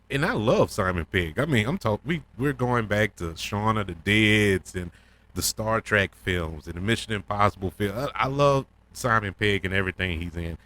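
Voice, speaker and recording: A man hosting a casual solo review podcast, talking in an excitable, rambling way with plenty of fillers and restarts. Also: lowish voice. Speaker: podcast host reviewing a TV episode.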